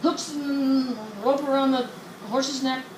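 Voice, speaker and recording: A woman tells jokes casually, animated and often laughing. Her voice sits a little high. The sound is roomy, with noticeable background noise. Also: takes it slowly. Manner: giggly, animated storyteller. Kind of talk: casual joke telling. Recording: echoey room with background noise.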